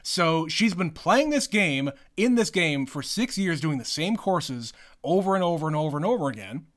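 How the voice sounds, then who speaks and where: A man co-hosting a podcast in relaxed casual chat, laid-back and sometimes swearing. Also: fairly high pitch, normal speed. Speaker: podcast co-host.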